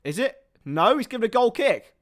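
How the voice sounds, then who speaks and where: With a very high voice at a normal speed, this young man hosts a live football watchalong. He mixes commentary on the play with chatty, rambling asides and gets excited over chances.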